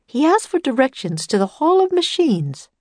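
A woman voicing a polite, formal gray-haired older woman at a fair, speaking crisply and courteously. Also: high voice, big pitch swings, moderate pace, darkish tone, no echo, pitched above the performer's own voice. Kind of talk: storybook character voice.

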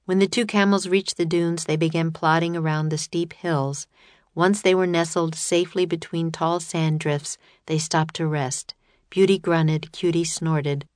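Female audiobook narrator, lower voice, dry close sound, storybook reading. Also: steady tone, unhurried, a little mellow, dry recording.

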